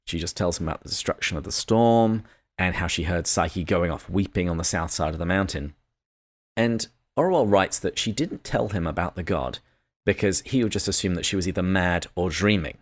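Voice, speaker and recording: A British man with a very low, deep voice talks through a book on a podcast. He is measured and reads short passages aloud as he goes. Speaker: podcast co-host. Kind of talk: casual book discussion.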